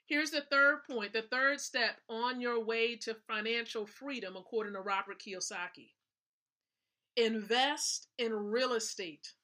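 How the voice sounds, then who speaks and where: Woman, livestream host, motivational business talk, emphatic, repeats points, tense bright tone. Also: fairly high pitch, a little slow.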